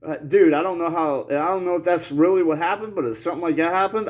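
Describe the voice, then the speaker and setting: A man's voice: on the high side, a little fast, hardly any pauses. A man talking casually to his viewers in a rambling, slangy way. He laughs nervously through serious points and coughs now and then while getting over an illness. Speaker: channel host. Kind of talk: casual monologue to camera.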